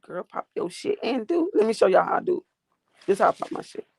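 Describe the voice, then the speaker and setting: A woman's voice: a little high, big pitch swings, fairly quick, vocal fry, a little mellow, husky, dry recording. A woman hosting a livestream from her phone, ranting at her chat in a profane, combative, sassy way. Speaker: livestream host. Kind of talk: casual live-chat rant.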